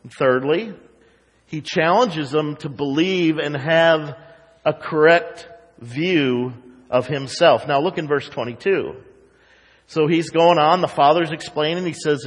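A man preaches a sermon from the pulpit, his voice pitched a little high for a man. He swings between quiet, confiding stretches and bursts of animated emphasis, with sarcastic asides to the congregation. A long reverb from the sanctuary trails after his words. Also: a little slow, breathy edge. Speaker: pastor. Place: church sanctuary.

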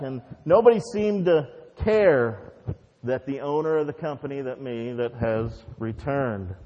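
This pastor's voice sits on the high side and is a little mellow, delivered at a measured pace. He first prays fervently and repetitively, then moves into a storytelling sermon with a conversational feel, captured in a dull, echoey church recording.

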